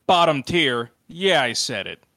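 A man chatting on a podcast, tossing out teasing, opinionated jokes. His voice is bright and sharp, and the sound is close and dry. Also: on the high side, very animated, measured pace, no echo. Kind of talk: casual chat.

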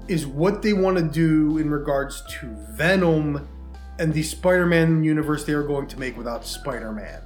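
A man co-hosting a podcast in casual, rambling chat, with many fillers. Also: a little high. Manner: rambling, chatty, lots of fillers. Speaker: podcast co-host. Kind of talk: casual chat about movies and games. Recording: echoey room with faint music.

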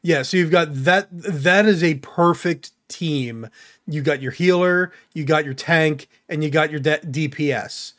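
A man hosting a podcast in casual chat, rambling and animated, laughing easily. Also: a little high, unhurried. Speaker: podcast host.

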